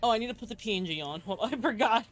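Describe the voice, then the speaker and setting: A woman's voice: fairly high pitch, animated, rapid-fire, a little hiss or hum. A chatty woman streams a video game and talks to her viewers in a loose, rambling way. She swears without a second thought and laughs often. A faint ambience hangs behind her voice. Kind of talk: casual live-stream chat.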